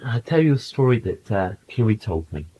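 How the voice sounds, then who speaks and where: A man in a channeling session, speaking in a calm, patient, coaching way and telling anecdotes to a small group. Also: fairly low pitch, fairly quick, slightly rough, muffled recording. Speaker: channeler giving spiritual counsel. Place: small room with a group present.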